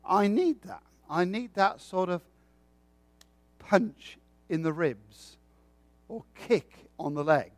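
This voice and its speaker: High-voiced man preaching slowly. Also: no room sound. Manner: folksy, joking storytelling. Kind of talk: sermon.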